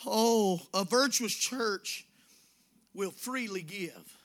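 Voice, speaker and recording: A man preaching in church, folksy and conversational, swinging from hushed asides to shouting. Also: high-pitched, very slow. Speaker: pastor. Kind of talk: sermon. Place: church sanctuary.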